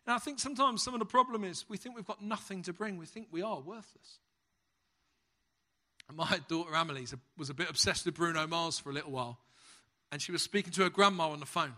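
A British man delivers a sermon with a bright, ringing voice that sits high for a man. He tells stories with comic timing and lively energy. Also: fast talker. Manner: humorous, lively storyteller. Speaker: preacher.

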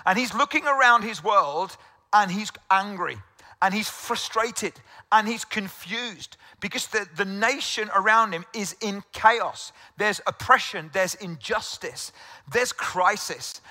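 A man's voice: high voice, pushed and bright, big-room sound. A middle-aged English man preaching a sermon as pastor, telling stories conversationally with rhetorical questions. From England.

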